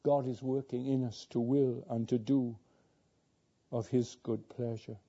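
A man's voice: mid-range voice, flat delivery, unhurried, dark tone, husky. A man preaching a sermon, earnest and repeating his words, who builds to fervent climaxes. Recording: dull lo-fi sound.

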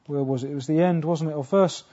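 A man preaching a sermon earnestly, asking rhetorical questions, restarting phrases, rising to loud emphatic peaks and sinking low again. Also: quick pace. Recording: dull lo-fi sound.

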